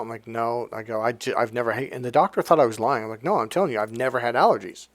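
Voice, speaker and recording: A man's voice: medium pitch, quick pace, hardly any pauses, dry recording. A man, a life coach, telling a personal story in a rambling, blunt, casual way, swearing now and then.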